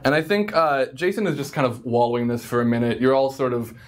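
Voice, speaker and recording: Male game master, upbeat stream narrator, relaxed delivery. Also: medium pitch, fast talker. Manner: casual, upbeat, with many fillers.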